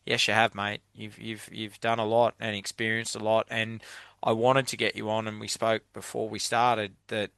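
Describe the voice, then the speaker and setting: An Australian man hosts a podcast interview in a bright, crisp voice with a narrow range. He talks earnestly and keeps calling his guest mate. The sound is dry and close, over a video call. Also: on the low side, dry recording. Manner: earnest, repeats "mate" often. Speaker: podcast host. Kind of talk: conversational interview.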